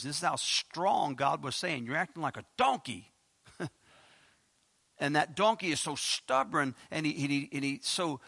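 A male preacher with a gravelly, fry-edged voice delivers an expository sermon in a dry, close-sounding space. He stumbles through frequent restarts, slows down to read scripture aloud and leaps into high, emphatic exclamations. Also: dry recording. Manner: animated, emphatic bursts of high-pitched exclamation.

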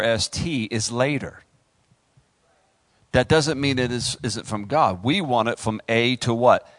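A man preaching a sermon in an animated, conversational way, joking with the congregation. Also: medium pitch, no room sound.

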